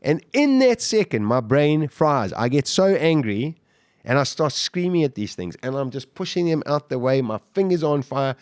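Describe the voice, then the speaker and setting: A man, a podcast guest, telling his own survival story in the first person, animated, with restarts and sudden bursts of emphasis. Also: a little high, moderate pace, no echo, studio quality.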